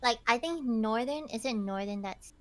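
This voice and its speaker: A young woman hosting a casual podcast, telling stories in an animated, giggly way with lots of "like". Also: a little high, normal speed. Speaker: podcast host.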